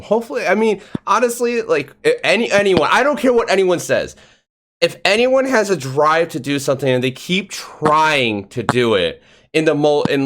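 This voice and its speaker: Lively, animated male podcast host. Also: background noise. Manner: animated storytelling, acts out quotes in a higher voice. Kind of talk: casual live interview chat.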